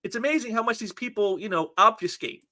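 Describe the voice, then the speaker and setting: A man's voice: high-pitched, fast, sharp tone. A man hosting a casual commentary show, reading out online posts and mocking them sarcastically, often repeating his words. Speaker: commentary channel host.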